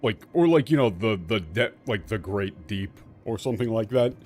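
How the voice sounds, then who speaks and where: A man's voice: on the low side, expressive, darkish tone. Irreverent, swearing male game streamer. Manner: irreverent, swearing, halting translations. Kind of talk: casual game commentary. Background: game music.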